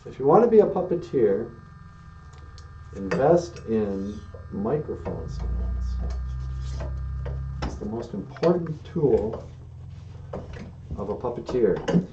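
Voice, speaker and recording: A man's voice: mid-range voice, very animated, slow pace, long pauses, background noise. A man hosting a casual live stream as a puppeteer, talking in a loose, rambling, self-deprecating way. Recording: echoey room, dull lo-fi sound.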